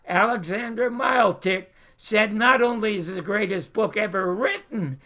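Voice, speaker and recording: Animated older male storyteller. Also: high voice, moderate pace. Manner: animated, acts out voices. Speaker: show host. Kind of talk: anecdotal storytelling.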